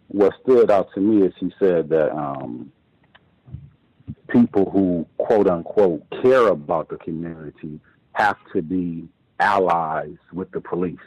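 Low husky-voiced male caller. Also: darkish tone, dry recording, dull audio. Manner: hesitant, many ums, measured. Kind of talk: call-in radio commentary.

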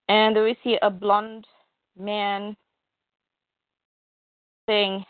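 A woman's voice: medium pitch, flat delivery, very slow, pauses often, dry recording. A woman casually retelling a comic book story, chatty and conversational. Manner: chatty, retells scenes with "she's like". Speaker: comic reader and narrator. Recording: tinny phone-like dry sound.

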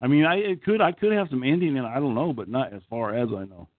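Over a tinny phone-like line, this call-in show host talks at a quick pace in a medium-pitched voice, and the recording is dry. He's a middle-aged Okie who rambles through a casual chat, crude and full of profanity.

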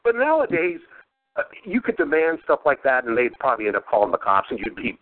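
A man's voice: mid-range voice, expressive, fast, no room sound. A man telling profane family stories in casual chat, laughing often as he goes. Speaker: podcast host. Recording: phone-like narrow sound.

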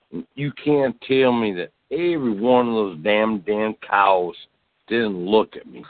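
Low drawling man on a tinny line. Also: no room sound. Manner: drawling, profane, tacks "man" onto lines. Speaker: podcast host. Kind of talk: rambling comedic monologue. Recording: tinny phone-like sound.

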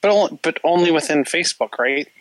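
A man co-hosting a tech podcast, speaking casually and haltingly, often restarting his sentences. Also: a little high, no echo, rough recording. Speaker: podcast co-host.

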